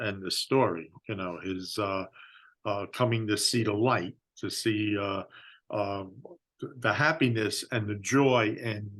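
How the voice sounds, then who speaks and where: A man's voice: lowish voice, a bit bright. An older man co-hosting a podcast, talking in a casual, hesitant way with many restarts. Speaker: podcast co-host. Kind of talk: casual chat.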